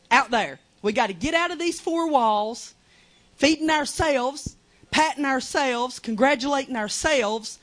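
Woman preacher, high voice, fervent sermon, plain everyday talk. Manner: fervent, conversational preaching with Southern colloquialisms. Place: small church.

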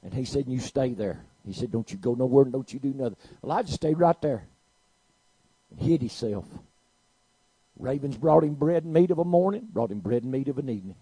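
A man preaching a sermon, telling a story and swinging from quiet to loud. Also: medium pitch, animated, a little fast, husky, no echo, rough recording.

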